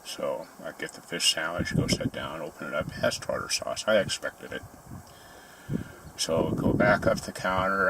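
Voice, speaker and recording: A man's voice: a bass voice, normal speed, vocal fry, a bit bright, slight background noise. A man telling grumbling, sarcastic stories in a casual ranting monologue. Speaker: vlogger.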